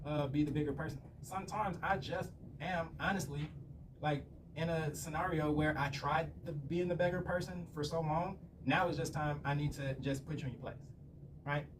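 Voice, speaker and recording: A man's voice: a little high, fairly even intonation, normal speed. A man telling rambling, profanity-filled stories in a casual rant to the camera. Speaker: vlogger. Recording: slightly distant mic with faint room noise.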